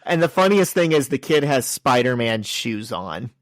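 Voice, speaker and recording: A man's voice: mid-range voice, big pitch swings, moderate pace, no echo, studio quality. Man co-hosting a comic book podcast. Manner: joking, summarizes plot and reads out dialogue. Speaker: podcast co-host. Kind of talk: casual comic book discussion.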